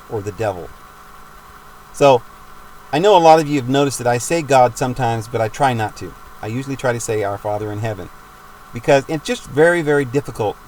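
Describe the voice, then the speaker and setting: A man's voice: medium pitch, darkish tone, a little hiss or hum, poor audio. A man giving a rambling, emphatic religious monologue for his videos, with frequent restarts. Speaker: video maker.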